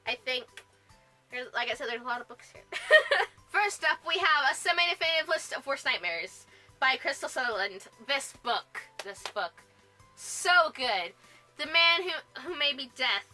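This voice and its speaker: A woman with a high, very bright voice chats about her favorite books in a casual vlog. She gushes with bubbly enthusiasm and laughs often between thoughts. Faint music plays behind her. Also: expressive, a little slow, low-quality recording. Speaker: book vlogger. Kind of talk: casual book review vlog.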